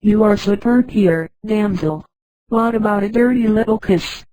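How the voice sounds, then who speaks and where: A woman's synthetic voice reading the lines of a brutish giant male crewman in a spoken sci-fi story, in a flat delivery. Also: mid-range voice, unhurried, no room sound, natural voice, rough recording. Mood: leering.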